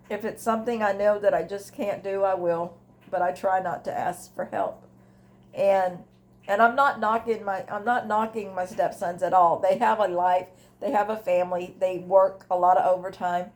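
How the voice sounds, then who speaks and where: A woman, older, talking candidly and emotionally about her grief in a personal vlog from home, rambling with restarts. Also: medium pitch. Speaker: grief vlogger. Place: at home, indoors. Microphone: device camera.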